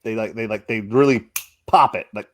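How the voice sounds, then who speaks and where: A man co-hosting a podcast in casual chat, relaxed and swearing, often trailing off mid-sentence. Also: lowish voice, normal speed. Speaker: podcast co-host.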